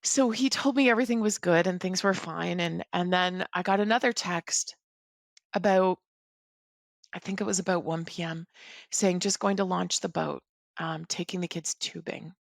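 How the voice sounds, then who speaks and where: A middle-aged woman telling a personal story as a podcast guest, in an earnest, halting, reflective way. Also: lowish voice, steady tone, vocal fry, no echo, clean studio sound.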